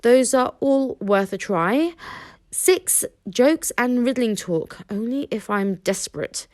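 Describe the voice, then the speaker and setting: A young Viking boy speaks in a raised, exasperated voice, pleading and shouting at his disobedient dragon, as a woman reads him aloud. His tone swings widely in pitch, in a close, dry storybook reading. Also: expressive, takes it slowly, no echo. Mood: resigned.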